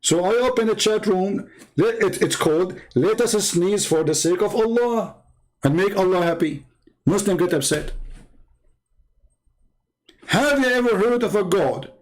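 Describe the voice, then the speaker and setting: Male stream host, high voice, emphatic polemical debater, broken English grammar. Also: animated, measured pace, pauses often, rough recording.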